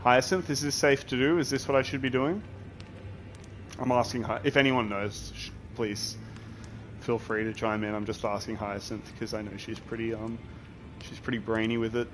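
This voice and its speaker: A man's voice: mid-range voice, fairly even intonation, moderate pace, fairly bright tone, slight background noise. A young man chatting casually while streaming a video game, rambling and reacting to his chat with laughter and the odd swear.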